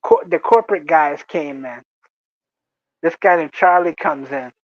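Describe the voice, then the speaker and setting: A man with a high voice tells a workplace story, animated and quick to laugh. The sound is dry and a little dull, like a close, muffled mic. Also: no room sound. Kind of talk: casual storytelling.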